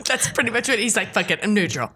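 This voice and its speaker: A woman's voice: medium pitch, lively intonation, quick pace, noisy background. A woman co-hosting a podcast, chatting casually and quoting characters in funny voices. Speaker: podcast co-host. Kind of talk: casual recap chat.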